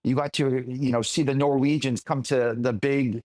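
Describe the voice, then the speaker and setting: A man's voice: mid-range voice, flat delivery, moderate pace, a little mellow, dry recording. A man co-hosting a podcast in casual chat, telling a story in a rambling way with restarts. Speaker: podcast co-host.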